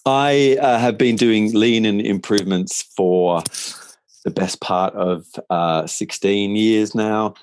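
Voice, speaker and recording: A man with an Australian accent softened by years in England, hosting a business webinar in a chatty, upbeat way with many fillers. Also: low voice, dry recording. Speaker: managing director and webinar host. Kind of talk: casual webinar presentation.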